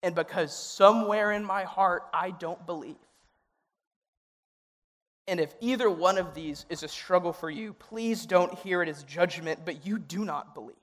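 A man's voice: high-pitched, a little slow, a bit bright. A young adult man, a youth pastor, preaching in a conversational, earnest way that grows emotional and pleading. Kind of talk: sermon. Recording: reverberant hall sound.

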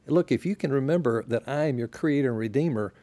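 A man, a pastor, talking as a podcast guest in a relaxed, reflective way, sharing stories unhurriedly and often restarting his sentences. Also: mid-range voice, fast, dry recording. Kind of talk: relaxed conversational storytelling.

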